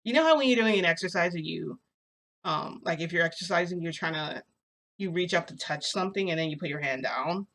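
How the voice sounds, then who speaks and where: A woman's voice: fairly low pitch, animated, brisk, a bit bright. A young adult woman telling a story as a casual vlogger. She rambles, hesitates and fills her speech with "like". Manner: rambling, filler-heavy, hesitant.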